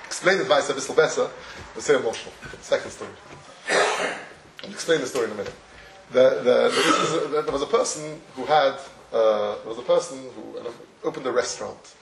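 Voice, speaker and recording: A man's voice: mid-range voice, brisk, gravelly, a bit bright, a little hiss or hum. A man giving a Torah lecture, telling stories animatedly with many restarts and chuckles. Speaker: Torah teacher. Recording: echoey room, distant mic, faint ambience.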